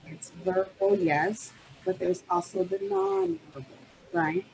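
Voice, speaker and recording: A woman hosting and moderating a web-series talk, walking through slides at a steady pace. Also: on the low side, takes it slowly, slight background noise, low-quality recording. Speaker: host and moderator.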